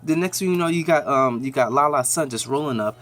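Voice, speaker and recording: A man's voice: medium pitch, brisk, fairly bright tone. A man hosting a nerd news channel, giving a casual, slangy, rambling recap of a TV episode with lots of fillers.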